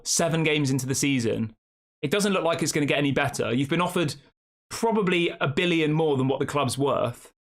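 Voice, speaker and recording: A man hosting a fan channel live stream, rambling casually and reacting to the chat with rhetorical questions. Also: a little high.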